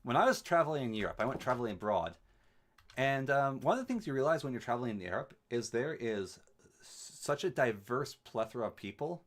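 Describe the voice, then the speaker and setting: A man from Canada talks casually while streaming a game, rambling through replies to his chat with dry, wry asides. His voice sits at a middling pitch but swings up and down with plenty of life. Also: sing-song, brisk. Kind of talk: casual chat while gaming, answering live chat.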